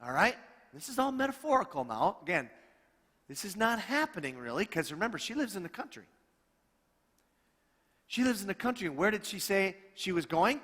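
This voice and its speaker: Middle-aged guy pastor telling stories in a sermon, kinda high voice, lively, acts out the lines, big church echo. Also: moderate pace, long pauses. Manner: animated, acts out dialogue in his stories. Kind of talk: storytelling sermon. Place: church sanctuary. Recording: long reverb of a church hall.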